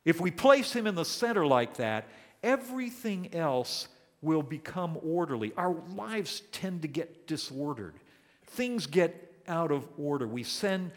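Older guy preaching, kinda high voice, earnest, leans hard on key words, big echoey hall. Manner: earnest, emphatic, slows down to stress key words. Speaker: pastor. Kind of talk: sermon.

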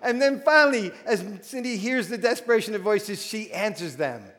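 A man's voice: high voice, animated, moderate pace, fairly bright tone. A man preaching a sermon as a pastor, telling stories animatedly with frequent restarts. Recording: long hall reverb.

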